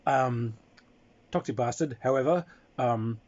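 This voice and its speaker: A man's voice: medium pitch, measured pace, a little mellow, highs cut off. A man telling a playful anecdote about a tabletop game, slipping into character voices. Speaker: storyteller recounting a tabletop game. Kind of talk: casual anecdote with acted-out voices.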